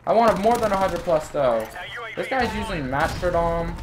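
A man's voice: a little high, lively intonation, normal speed. A man giving gameplay commentary, ranting and swearing as he grows frustrated. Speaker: gamer and channel host. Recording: game gunfire loud behind voice. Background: shooter game gunfire and explosions.

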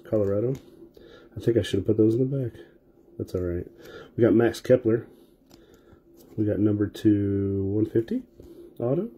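A man's voice: fairly low pitch, mellow, slight background noise. A man casually calling out player names and card finds as he opens packs during a live sports card break.

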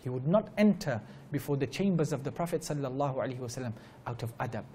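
A little hiss or hum accompanies this talk by a male Islamic teacher at a religious gathering. His medium-pitched voice is mellow, and he speaks fast while earnestly recounting stories, repeating key phrases, and reciting Arabic verses fluently in the lecture.

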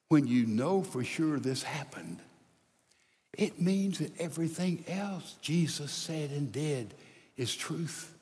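An older man preaching a sermon as pastor, swinging from loud emphasis to hushed, near-whispered lines. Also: a little high, in a large hall. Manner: slow, deliberate delivery with long pauses.

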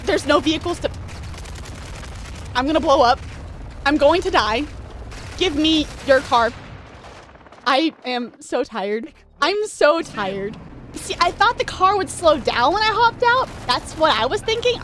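A young woman streaming a shooter game, chatting casually, laughing and talking back to the game with sudden excited yelps. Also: sits high, a little hiss or hum. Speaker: streamer playing a shooter campaign. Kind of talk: casual let's-play commentary.

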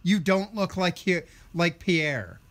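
A man's voice: high-pitched, animated, slow, a bit bright. A tired young man ranting bluntly and sarcastically in a political vlog. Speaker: vlogger.

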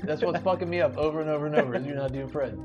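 A man's voice: fairly high pitch, rapid-fire, muffled recording. A man teasing and joking with his co-host while playing a video game. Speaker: co-host of a gaming show. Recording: loud game music behind.

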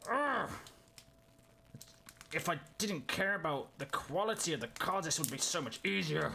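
A young man chatting casually and excitedly to himself in a card-opening vlog. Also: fairly high pitch, a little fast, vocal fry, a little hiss or hum. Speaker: YouTuber.

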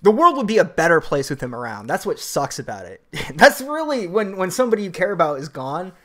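On a live stream, a man chats casually with viewers, reading out donations in a rambling, laid-back manner, laughing a lot and swearing offhandedly. His voice is high and fairly quick, with big pitch swings.

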